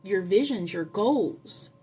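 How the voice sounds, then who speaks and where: Woman, tarot reader, earnest, preachy, affirmations, soft music behind. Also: mid-range voice, animated, slightly rough. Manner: tells stories with drawn-out, dramatic pauses. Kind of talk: spiritual tarot reading.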